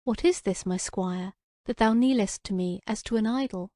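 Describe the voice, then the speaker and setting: A proud enchantress of the wood, as a woman reads her part, speaking in a soft, caressing way. Her voice is warm and mellow, heard close and dry. She sounds commanding, like a lady out of an old storybook. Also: mid-range voice, moderate pace, no echo, natural voice. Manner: soft and caressing, turning to scorn.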